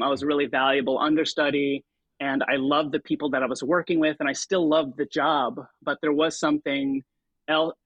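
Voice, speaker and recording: A man's voice: medium pitch, no echo, dull audio. Hesitant man telling stories, dry sound. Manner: hesitant, lots of fillers and restarts, animated when quoting himself. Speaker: interview guest, stage and television performer. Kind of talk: relaxed conversational storytelling.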